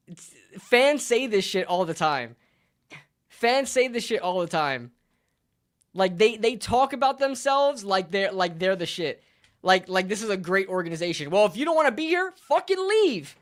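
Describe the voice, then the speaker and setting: A male sports streamer in a fired-up rant. He swears freely and hammers each point with repeated phrases, swinging between shouting outrage and muttered disbelief. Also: high-pitched, expressive, a little slow. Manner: heated, profane, repeats lines for emphasis. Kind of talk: live sports reaction rant.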